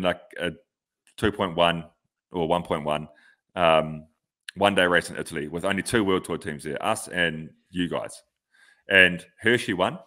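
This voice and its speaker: Male podcast co-host, low voice, blunt and sweary, makes his case with examples. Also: pushed and bright. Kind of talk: casual podcast chat.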